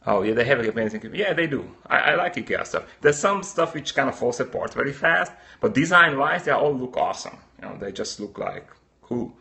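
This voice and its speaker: Gravelly man with a Central European accent. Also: medium pitch, animated, fairly quick, pushed and bright. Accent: Slovak-Hungarian. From Slovakia. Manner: chatty, answers viewer comments, upbeat. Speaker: livestream host. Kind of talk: casual live-stream chat.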